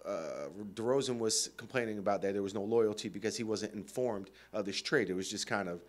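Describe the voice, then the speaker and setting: A man's voice: lowish voice, fairly quick. A man co-hosting a radio show, talking sports casually, rambling with lots of fillers and frequent laughter.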